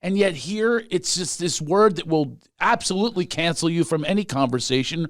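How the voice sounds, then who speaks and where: Comedian host, man, lively swooping delivery, dry close mic, teasing tone. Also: fairly high pitch, normal speed, no room sound. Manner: playful, teasing, animated. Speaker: podcast host. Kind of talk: casual podcast chat.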